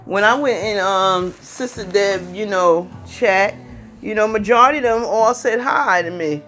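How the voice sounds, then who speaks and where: A vlogger in her fifties chats loosely to her viewers in a casual monologue, circling back to the same points and constantly asking "you know what I mean." Her mid-range voice is a little slow, and faint music plays softly behind her.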